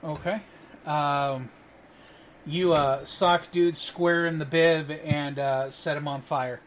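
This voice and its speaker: A man narrating as game master for a tabletop role-playing game, relaxed and full of fillers. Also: a little high, slow, a little hiss or hum.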